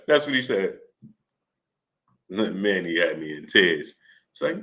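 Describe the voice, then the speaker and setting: A man's voice: lowish voice, moderate pace. A man hosting a live stream, greeting viewers and retelling stories with laughter and quoted voices. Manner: animated storytelling, laughing, mimicking voices. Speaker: host. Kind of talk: live stream chat, reading Super Chats.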